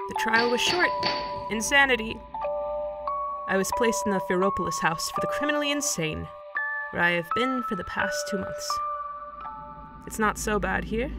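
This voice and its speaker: A woman's voice: mid-range voice, vocal fry. A woman narrating a first-person horror story in a dramatic, emotional reading style. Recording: distant mic with loud background music.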